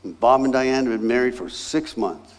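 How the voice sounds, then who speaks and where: A man's voice: medium pitch, moderate pace. A man in his sixties, a guest pastor telling a personal story in a sermon and acting out the other people's lines. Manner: animated, acts out voices in his anecdotes.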